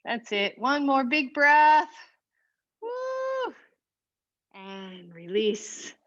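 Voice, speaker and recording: Slow-cueing yoga teacher, woman. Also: fairly high pitch, highs cut off. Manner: slow, calm cueing with breathy whoops of effort. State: a little out of breath. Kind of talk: guided yoga class instruction.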